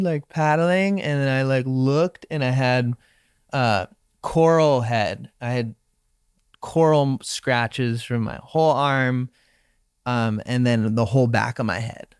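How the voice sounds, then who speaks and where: A young man from Hawaii tells a personal story in a relaxed, reflective interview manner, slipping into his own inner voice as he recounts it. His voice is smooth and resonant. He is recorded dry and close to the mic. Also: medium pitch, no echo. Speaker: professional surfer, guest.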